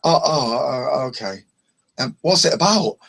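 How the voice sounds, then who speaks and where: A man's voice: mid-range voice, animated, measured pace, creaky, a bit bright, exaggerated voice. A man voicing a flustered young woman who answers her boyfriend's phone, hesitant and eager.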